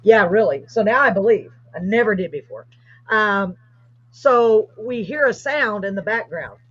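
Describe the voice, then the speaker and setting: A woman's voice: medium pitch, unhurried, breathy edge. A woman, hosting and animatedly telling a story in a casual chat. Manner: animated, excited retelling. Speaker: host. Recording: dull lo-fi livestream audio.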